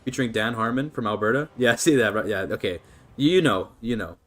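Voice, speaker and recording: A man's voice: lowish voice, expressive, brisk. Laid-back Canadian man streaming a game. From Canada (British Columbia). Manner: chatty, laid-back, reads and answers chat. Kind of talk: casual strategy-game livestream commentary.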